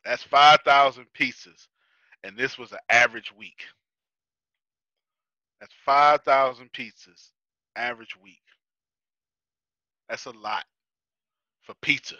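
A man's voice: mid-range voice, slow pace, pauses often, bright, forceful tone, no echo, dull audio. A man teaching a business class in a chatty, casual way, laughing often and repeating himself. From United States. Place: Houston.

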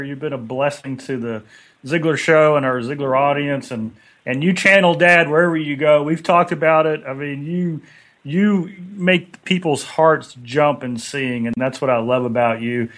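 A man's voice: a little high, moderate pace, fairly bright tone. Effusive male host wrapping up the show. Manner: effusive, promotional. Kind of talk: show wrap-up and thanks.

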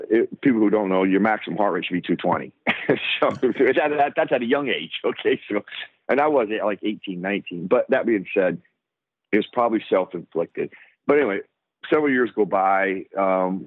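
A middle-aged man with a fairly low voice tells a long personal story as an interview guest. He brings the story alive by acting out other people's lines. He comes through a dry, thin phone line. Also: brisk, dry recording. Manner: animated storyteller who acts out the lines of others. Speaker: guest, former football player.

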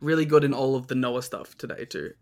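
A man with a mid-pitched voice guests on a podcast and talks matches in casual chat. He is enthusiastic but halting, and he leans on "like" as he works out his points. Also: fairly even intonation, darkish tone.

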